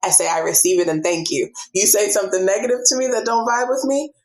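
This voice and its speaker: A woman's voice: mid-range voice, quick pace. Earnest woman podcast guest. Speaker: guest, author and speaker. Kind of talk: casual interview chat.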